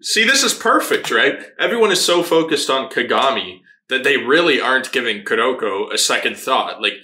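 A man hosting a casual anime reaction, excitable, laughing often and swearing freely as he watches. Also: medium pitch, moderate pace. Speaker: anime reaction channel host. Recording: roomy echo.

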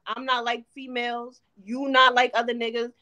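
A woman with a fairly high voice talks in a blunt, emphatic way. Her pace is steady and her tone firm. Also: normal speed. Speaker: guest. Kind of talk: casual chat.

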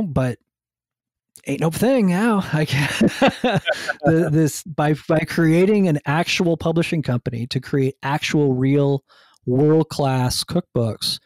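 A man's voice: medium pitch, gravelly, a little mellow, dry recording, studio quality. A man from New Jersey, a guest on a podcast interview, talking enthusiastically and rambling with many restarts. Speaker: guest, food writer and hunter.

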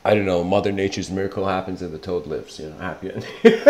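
Rambling low-voiced male lecturer. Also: steady tone, quick pace, darkish tone, a little hiss or hum. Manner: rambling, with many fillers and restarts. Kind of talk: casual spoken lecture with storytelling. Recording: roomy echo.

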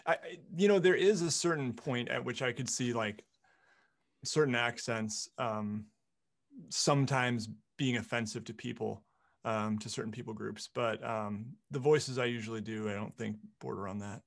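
Gravelly man, hesitant and halting. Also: mid-range voice. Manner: hesitant, many fillers. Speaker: panel guest. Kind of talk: casual panel discussion.

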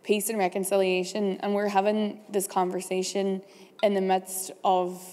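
Young woman moderator, flat and mellow delivery, long hall reverb. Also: medium pitch, moderate pace. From Derry, Northern Ireland. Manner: relaxed, with frequent ums. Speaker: panel moderator. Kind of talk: panel discussion.

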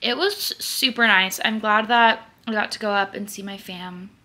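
Bright-voiced young woman vlogging. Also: fairly even intonation, moderate pace. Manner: chatty, with soft low asides. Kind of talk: casual vlog chat.

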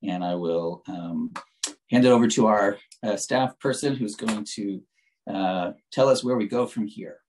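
Deep-voiced man chairing a remote hearing. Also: darkish tone, rough recording. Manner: halting, with many fillers and restarts. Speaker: committee chair. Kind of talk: remote public hearing remarks. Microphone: video call.

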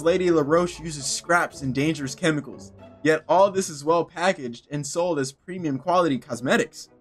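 A man reading out the letter of a cold, menacing gentleman in a video game, in a measured, even delivery. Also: on the high side, natural voice.

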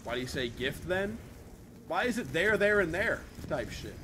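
A man's voice: on the high side, normal speed, a little hiss or hum. A young man streaming live, chatting casually and profanely with his viewers. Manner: profane, animated, talks to chat.

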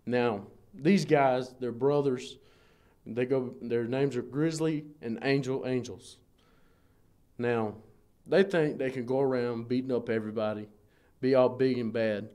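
A man's voice: mid-range voice, fairly even intonation, unhurried, dark tone. Laid-back man plugging a wrestling show. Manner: plain, laid-back answers with fillers. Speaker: pro wrestler promoting a show. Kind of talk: casual local TV interview.

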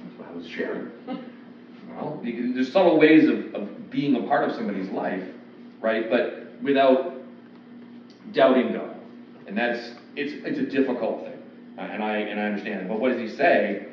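A man's voice: medium pitch, moderate pace, a little hiss or hum. A man preaching an expository sermon in a loose, conversational way, acting out quoted voices. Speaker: pastor. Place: church sanctuary. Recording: echoey, distant, dull church recording.

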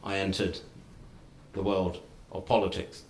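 A middle-aged man giving a formal lecture, speaking in measured, deliberate short phrases with wry humour. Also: low-pitched, monotone, slight background noise. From United Kingdom. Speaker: guest lecturer. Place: lecture hall. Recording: roomy lecture hall.

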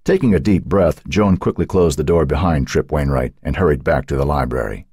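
A man narrating an audiobook with an expressive reading. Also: rumbling low, fairly quick, husky, dry recording, clean studio sound. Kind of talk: scripted narration.

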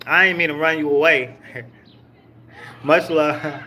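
A man's voice: a little high, steady tone, slow pace, pushed and bright, slight background noise. A man hosting a casual livestream, chatting loosely with viewers, teasing and cursing freely. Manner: loose, profane, teasing banter with chat. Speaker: livestream host.

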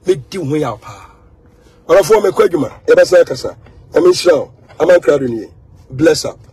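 A Ghanaian man giving an animated, emphatic monologue, repeating words and mixing in English phrases. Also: a little high, fairly quick, husky, dry recording. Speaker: social media commentator.

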